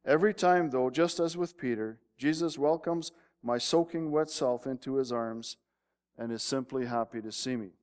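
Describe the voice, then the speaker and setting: A man preaching a sermon in a mid-pitched voice, reading a story aloud and pushing to emphatic peaks. His words carry a long reverb tail from a large hall. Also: moderate pace, a little mellow, clear, resonant tone. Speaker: pastor.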